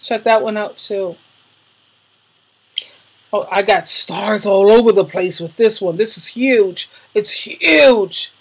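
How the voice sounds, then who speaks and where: A woman's voice: mid-range voice, fairly even intonation, slow pace, pauses often, a little mellow, husky, rough recording. A woman YouTuber talking casually to her viewers, effusive and emotional, with slangy emphasis, calling them darling. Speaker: YouTuber recommending videos to viewers. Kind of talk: casual vlog talk.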